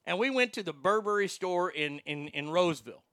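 A man casually telling a story on a chat show, animated and profane, jumping from loud bursts to hushed asides. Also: sits high, a little fast, smooth, dry recording.

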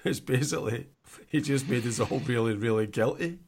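A man's voice: medium pitch, brisk, a little hiss or hum. A man co-hosting a podcast, joking and ranting in casual chat with lots of laughter. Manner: jokey, ranting, laughs a lot. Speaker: podcast co-host.

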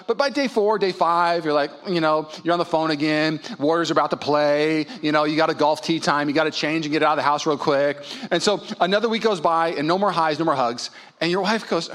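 High-voiced male pastor telling stories. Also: normal speed. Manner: animated storytelling, acts out scenes in voices. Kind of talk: sermon. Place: church auditorium.

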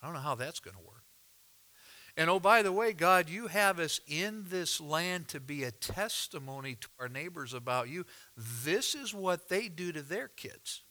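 A man's voice: on the high side, expressive, normal speed, sharp tone. A man voicing an anxious, bewildered elderly father who questions God in disbelief. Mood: incredulous. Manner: incredulous, questioning.

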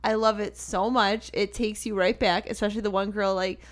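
A woman chats as a podcast co-host, gushing with enthusiasm. Her voice sits at an ordinary middle pitch. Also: steady tone, brisk. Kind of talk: casual chat.

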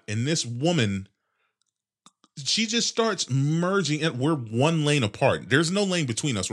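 A young man in his twenties hosting a casual solo podcast, rambling and sarcastic with heavy swearing, his nose congested and clearing his throat. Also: on the high side, a bit bright. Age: 20s. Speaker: podcast host.

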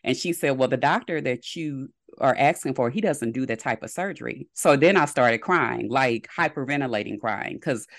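A woman's voice: very deep voice, normal speed, no echo. Woman telling her story, dry close sound. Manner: lively retelling with quoted dialogue. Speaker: podcast guest. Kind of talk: personal storytelling in interview.

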